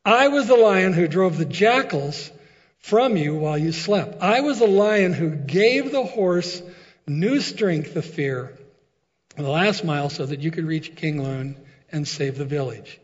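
A man reading aloud as a large, mysterious lion voice, calm and solemn, in a slow, measured way. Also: on the high side. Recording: long echo, dull lo-fi sound.

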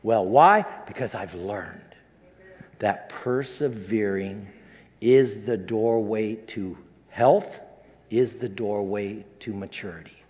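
An older man, a pastor, delivering a personal sermon in a halting, emotional way, full of restarts, in a church sanctuary. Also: on the low side, darkish tone. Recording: long reverb of a large hall.

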